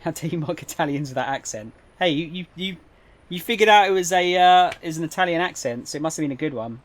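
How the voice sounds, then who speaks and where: Brief: young male game streamer, slightly high voice, chatty and meandering, close desk mic. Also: quick pace. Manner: rambling, hesitant, lots of fillers and restarts. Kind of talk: casual live-stream chat.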